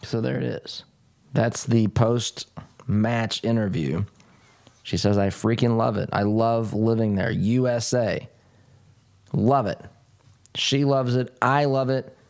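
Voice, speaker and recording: A man's voice: medium pitch, steady tone, slow pace, creaky, long pauses, darkish tone. A man hosting a political talk show, speaking emphatically and often repeating phrases, with folksy asides to his listeners. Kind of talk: political commentary monologue.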